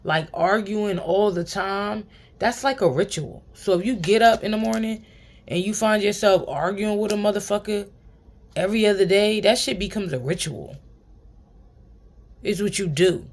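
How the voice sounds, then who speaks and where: A woman speaking gives blunt, profane spiritual advice in a loose, casual monologue. Her voice sits in a middle pitch, and she keeps breaking into laughter and repeating her lines for emphasis. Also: normal speed. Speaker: spiritual tarot reader.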